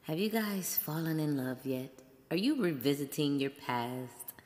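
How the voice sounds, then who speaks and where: A woman's voice: low voice, expressive, a little slow, a little mellow, long reverb tail. A woman hosting a podcast in a playful, chatty solo talk, laughing often. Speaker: podcast host. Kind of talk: casual solo chat.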